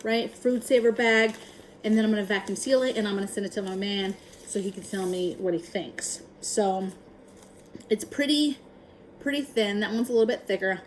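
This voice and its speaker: A woman at a middle pitch talks through a home how-to vlog in a relaxed, chatty way. She sounds upbeat and keen, fills her pauses with "um" and tags her points with "right?". A faint hum of room noise sits behind her. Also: rough recording. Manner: chatty, frequent ums and tag questions; upbeat and enthusiastic. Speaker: prepping vlogger.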